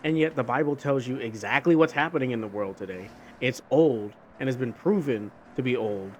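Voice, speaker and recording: A man's voice: mid-range voice, brisk. Rambling young man chatting over faint engine noise. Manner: rambling and conversational, with many restarts and fillers; talks about faith in a relaxed, earnest way. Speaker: gaming video host. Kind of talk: casual chat while playing a driving game. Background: faint car engine and road noise from a game.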